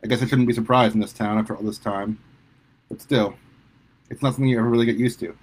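A man voicing a warm, fretful middle-aged mother, affectionate and teary. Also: mid-range voice, fairly even intonation, fast talker, slightly rough, lightly acted, poor audio. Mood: tender, sad.

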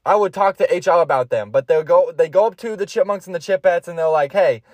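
A man's voice: high voice, fast talker, a little mellow, no room sound. A young man hosting a solo podcast, rambling and swearing as he retells a cartoon plot, often breaking into laughter. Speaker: podcast host.

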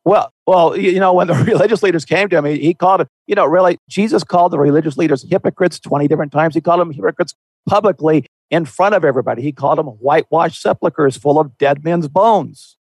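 A man's voice: on the high side, fast, darkish tone, breathy edge, dry recording, poor audio. A man speaking earnestly and conversationally on a Christian talk show, often repeating a word as he restarts.

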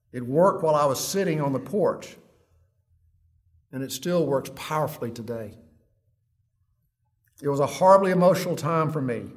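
Earnest preaching man, fairly high voice. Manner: earnest, dropping low and quiet on heavy words; reads long quotes aloud in a storytelling way. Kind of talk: sermon.

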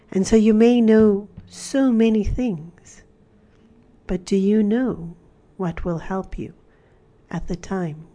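A woman with a low, mellow voice gives a spiritual talk. She tells a parable in a calm, measured way and then draws its lesson for the listener. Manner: calm storytelling, soft at times. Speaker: spiritual speaker.

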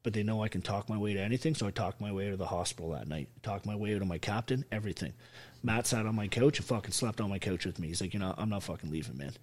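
A man's voice: fairly low pitch, fast talker. An army veteran telling his story as an interview guest, blunt and full of swearing. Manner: blunt, heavily profane, emphatic.

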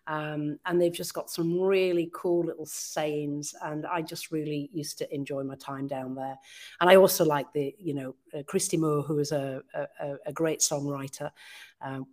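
A woman being interviewed on a podcast, chatty and enthusiastic and quick to laugh. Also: sits low, steady tone, a little mellow. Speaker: interview guest. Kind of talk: casual conversational interview.

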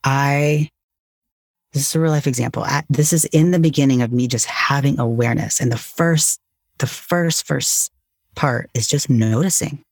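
A man with a gravelly, slightly husky voice talks candidly and earnestly as a podcast guest. His speech is casual and unpolished. The sound is dry and close. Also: mid-range voice, moderate pace, no echo. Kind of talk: reflective conversation.

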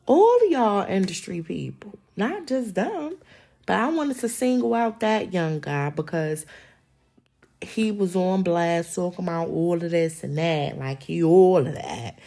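A woman, holding forth on her podcast. Her voice rises and falls in big animated swings, and she scolds her listeners in a blunt, slangy way. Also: on the high side, breathy edge. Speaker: podcast host. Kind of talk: casual opinion monologue.

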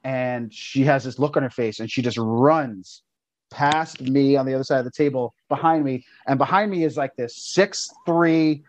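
A man's voice: medium pitch, normal speed, a little mellow, no room sound, muffled recording. A man who is a guest on a podcast, telling a story in a rambling, casual way with lots of fillers. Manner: rambling, heavy use of "like". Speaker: podcast guest, old roommate.

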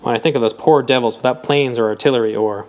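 A man's voice: mid-range voice, quick pace, a little mellow, close to an everyday voice. A man voicing an earnest, athletic young male lab assistant who speaks sincerely and a little gloomily. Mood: gloomy.

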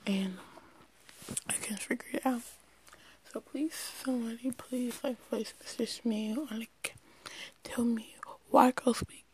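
A woman's voice: on the high side, fairly even intonation, measured pace, a little mellow, breathy edge, rough recording. A teenage girl whispering a rambling personal story to her listeners, chatty and full of restarts.

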